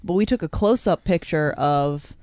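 A woman's voice: deep voice, expressive, moderate pace, a little mellow, no room sound, clean studio sound. A woman co-hosting a comedy podcast, teasing the others, giggling and swearing freely. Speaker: podcast co-host. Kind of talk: casual comedy podcast chat.

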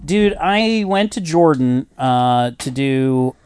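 A man's voice: mid-range voice, lively intonation, slow pace, darkish tone. A man telling a long travel story in a casual podcast chat, full of fillers and quoted voices. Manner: rambling storyteller, many fillers and acted quotes. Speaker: podcast host.

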